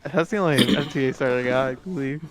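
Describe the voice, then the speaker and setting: A young adult man co-hosts a podcast, rambling through a casual story packed with fillers and restarts. His mid-range voice moves quickly over the noise of a loud crowd.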